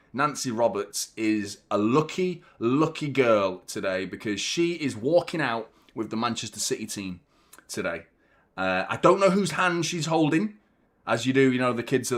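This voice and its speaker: A man hosts a live football fan stream, talking in a chatty, excitable way. He sounds nervous before the match and keeps giving shout-outs to viewers. His pitch sits in a middle range for a man. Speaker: host of a football fan channel. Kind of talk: live watchalong chat reading viewer messages. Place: hot glass-walled room.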